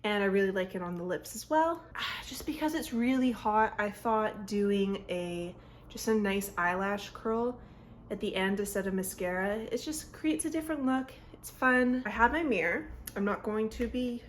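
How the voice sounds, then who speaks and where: At home by a mirror, a young woman records a casual makeup tutorial chat on her phone camera. Her mid-range voice keeps a moderate pace as she rambles and cuts herself off, and there's a little hiss or hum in the audio.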